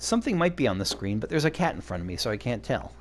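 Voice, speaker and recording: A man's voice: medium pitch, big pitch swings, very fast. A man casually commenting on a game he is playing, chatty and enthusiastic, with faint game music behind. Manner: chatty, enthusiastic, self-interrupting. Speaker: let's play host.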